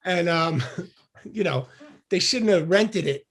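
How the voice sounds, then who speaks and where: A man from the United States, a podcast guest, telling a story in casual chat, lively and laughing as he acts out what people said. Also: sits high, slow, slightly rough. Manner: animated storyteller, acts out quotes with shouts and laughs.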